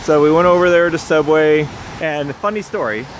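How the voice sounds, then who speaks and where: A man's voice: a little high, normal speed, a little hiss or hum. A man chatting casually to camera while out on a rainy city street, rambling and upbeat and laughing often. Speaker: vlogger. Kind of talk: casual vlog chat. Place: outdoors on a city street in the rain.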